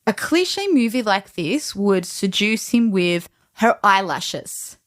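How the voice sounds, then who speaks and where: A woman's voice: medium pitch, very animated, takes it slowly, fairly bright tone. A woman co-hosting a film review show, chatting casually and explaining historical facts plainly. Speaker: film review podcast co-host. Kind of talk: casual chat.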